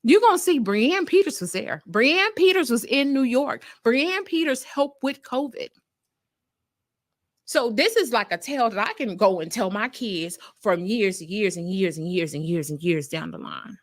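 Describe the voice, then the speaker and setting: A young woman, a nurse, tells her story with real feeling and talks right to her listeners. Her pitch leaps high and drops low as she goes, lively from line to line. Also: moderate pace. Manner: emotional, animated storyteller, addresses listeners as y'all. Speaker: nurse and podcast host. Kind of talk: casual storytelling monologue.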